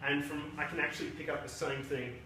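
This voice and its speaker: A man's voice: fairly high pitch, fairly even intonation, quick pace, bright, forceful tone, a little hiss or hum. A man, a debut novelist, giving a casual, self-deprecating speech and reading from his book at a launch. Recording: echoey room from a distance.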